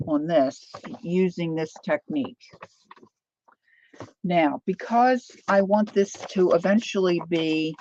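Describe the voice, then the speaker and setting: A woman's voice: deep voice, a little mellow, lo-fi sound. A woman chatting casually as she demonstrates a craft technique, thinking aloud while she works. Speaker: craft vlogger.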